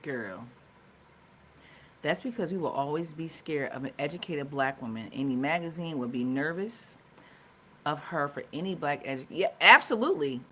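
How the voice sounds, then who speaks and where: A woman's voice: low voice, animated, normal speed, background noise. A woman co-hosting a live talk show, chatting casually with lots of fillers and restarts. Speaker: co-host.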